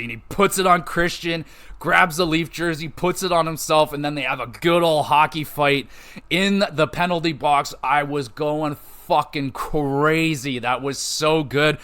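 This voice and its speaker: A man hosting a podcast, gushing and swearing as he recaps a show he loved. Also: fairly high pitch. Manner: excitable, profane, gushing fan. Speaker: podcast host.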